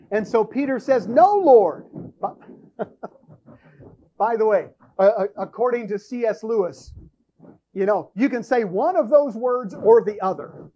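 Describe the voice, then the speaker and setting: A man's voice: extremely high pitch, mellow, dull audio. A man hosting a church show, teaching from the Bible in an emphatic way, often repeating words as he thinks aloud.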